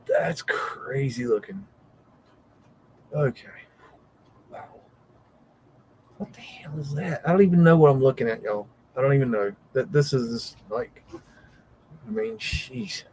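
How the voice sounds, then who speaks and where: A man's voice: mid-range voice, darkish tone, slight background noise, low-quality recording. Awestruck man reacting live, cursing. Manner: exclamatory, frequent mild swearing, thinking aloud; rambling, easily amazed. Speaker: host of a live stream.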